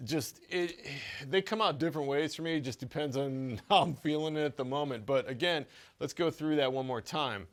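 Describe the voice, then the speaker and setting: A man giving a casual drum lesson, talking in a relaxed way with many stammered restarts and small chuckles. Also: on the high side, moderate pace. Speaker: drum teacher.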